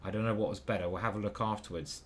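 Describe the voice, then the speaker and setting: A man's voice: lowish voice, steady tone, rapid-fire, slight background noise. A man thinking aloud as he plays online chess, muttering moves and questioning himself. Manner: muttering move by move, hesitant self-questioning. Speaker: chess grandmaster commentating his own games.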